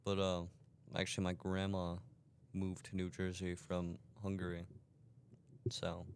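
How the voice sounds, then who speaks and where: A man's voice: sits low, monotone, unhurried, a little hiss or hum. A young man co-hosting a casual podcast, dry and patient as he corrects his friend. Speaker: podcast co-host. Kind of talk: casual chat.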